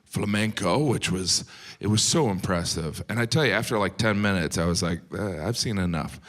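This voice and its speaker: A middle-aged American man doing a stand-up set, deadpan, slipping into silly voices for the people he quotes. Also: on the low side, moderate pace. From United States. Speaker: stand-up comedian. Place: live comedy venue with audience.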